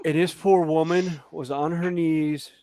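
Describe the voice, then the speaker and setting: A man with a Southern American accent, his voice sitting a little high, tells lively stories in a relaxed group conversation. His words run together as he gets going. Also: unhurried, no room sound. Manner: animated anecdote-telling, runs words together. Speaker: panelist, Renaissance festival performer. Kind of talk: casual storytelling chat.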